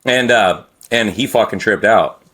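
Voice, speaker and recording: A man's voice: on the low side, a little slow, fairly bright tone, breathy edge. A middle-aged man telling a story to podcast hosts in a rambling, profane way, stopping and restarting often. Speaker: podcast guest. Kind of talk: casual storytelling.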